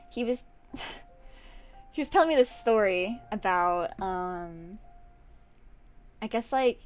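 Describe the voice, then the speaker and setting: A young woman streamer casually telling work stories to her chat while drawing, animated, laughing often and acting out what people said. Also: medium pitch, clear, resonant tone.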